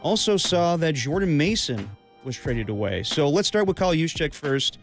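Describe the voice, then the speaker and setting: A man hosting a sports talk radio show, talking briskly through the news. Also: on the high side, sing-song, soft background music.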